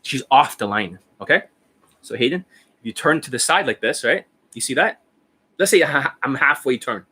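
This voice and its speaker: A man's voice: mid-range voice, expressive, moderate pace, bright, forceful tone, breathy edge. A man in his forties, a dating coach, explaining in a blunt, profane, demonstrative casual talk.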